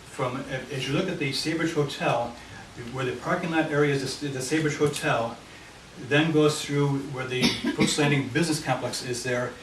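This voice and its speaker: A man's voice: mid-range voice, fairly even intonation, moderate pace. A man presenting at a committee meeting, walking listeners through a handout map of his neighborhood. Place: meeting room. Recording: echoey room, mic far off, noisy.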